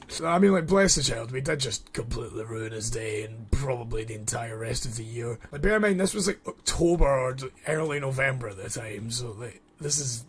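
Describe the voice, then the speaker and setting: A young man with a mid-range voice tells a storytime anecdote while playing a game. He is animated and keeps breaking off to react to the match. Clear background music plays under his voice. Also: medium pitch, fast. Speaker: gaming storyteller. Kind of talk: storytime commentary over gameplay.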